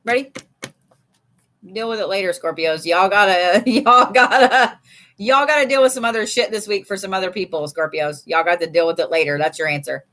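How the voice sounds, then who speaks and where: A woman's voice: mid-range voice, brisk, fairly bright tone. A woman giving a casual live card reading from home, chatty and swearing freely. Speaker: live tarot reader. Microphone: streaming setup.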